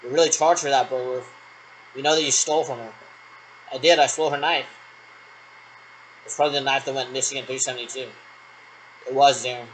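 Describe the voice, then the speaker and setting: A man's voice: medium pitch, fairly even intonation, fairly quick, long pauses, a bit bright, slight background noise, low-quality recording. A man in a rambling solo monologue who repeats himself and answers his own questions.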